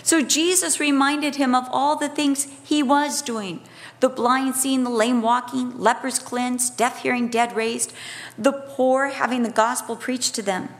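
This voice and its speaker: A woman with a high voice preaching a sermon. She moves between emphatic declarations and quieter, drawn-out phrases, and drops in light humorous asides to the congregation. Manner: expressive, swings between emphatic and hushed delivery.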